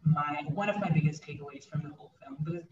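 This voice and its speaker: A man's voice: a little high, fast talker. Guy rambling about a movie, lots of ums, far off in an echoey room, kinda muffled. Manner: hesitant, many fillers and restarts. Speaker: guest film reviewer. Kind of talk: casual film discussion. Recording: roomy, distant, dull, faint noise.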